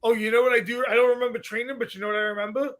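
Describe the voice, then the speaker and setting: A man from Brooklyn co-hosting a podcast, telling a story in casual chat with lots of swearing. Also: very high-pitched. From Brooklyn, New York. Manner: animated, swearing, quick storytelling. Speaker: podcast co-host.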